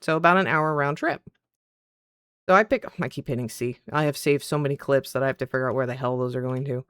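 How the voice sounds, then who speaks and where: A woman streamer chatting casually at her PC, telling a story in an animated way and acting out the other people's lines. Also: a bass voice, fast, smooth, no echo, clean studio sound. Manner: animated, acts out quoted dialogue. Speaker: streamer and content creator.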